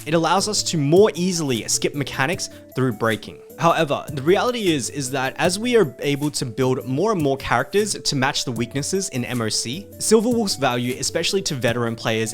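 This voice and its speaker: Analytical man giving gaming commentary. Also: mid-range voice. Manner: analytical, owns up to mistakes. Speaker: gaming video creator.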